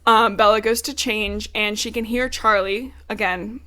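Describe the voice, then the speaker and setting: A woman's voice: mid-range voice, fairly even intonation, measured pace, bright, forceful tone. A woman co-hosting a podcast, casually recapping a book with loose talk and swearing. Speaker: podcast co-host.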